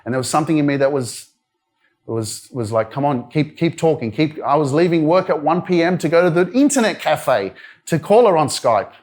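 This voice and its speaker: At a live event in a wellness centre room, a young Australian man gives a motivational talk, candidly sharing a personal story peppered with fillers like "you know." His voice is a little high and sing-song with a darkish tone, and he speaks fairly quickly.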